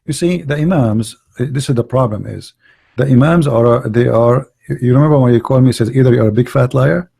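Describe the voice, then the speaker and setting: A man's voice: medium pitch, brisk, vocal fry, mellow, breathy edge, dry recording. A man hosting a casual online debate call, hesitant and repeating words, turning confrontational about his opponents.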